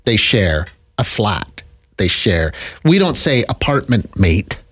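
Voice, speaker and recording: A middle-aged man, co-hosting a podcast in chatty, animated banter and laughing easily. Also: on the low side, slow, slightly rough. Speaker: radio and podcast co-host. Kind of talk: casual banter.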